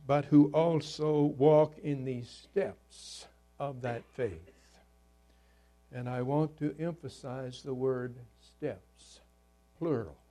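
Male preacher, high voice, unhurried sermon delivery with scripture readings. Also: warm tone. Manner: earnest preaching with scripture readings, occasional halting restarts.

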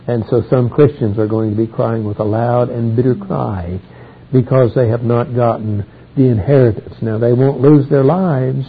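A man with a husky voice teaching through a Bible passage verse by verse, reading each verse aloud and then explaining it. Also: medium pitch. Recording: tinny phone-like old recording.

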